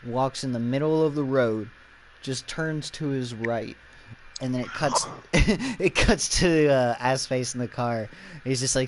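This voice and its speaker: A man in casual podcast chat, retelling a comic scene and acting out the characters in loud, raised voices. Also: mid-range voice, a little hiss or hum. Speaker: podcast co-host.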